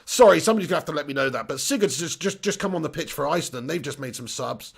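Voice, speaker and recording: A man in his thirties hosts a live-streamed football watch-along, his fairly high, gravelly voice jumping about as he bounces between chat messages and outrage over the substitutions. Expressive and rapid-fire, he throws cheeky, sweary banter straight at his viewers.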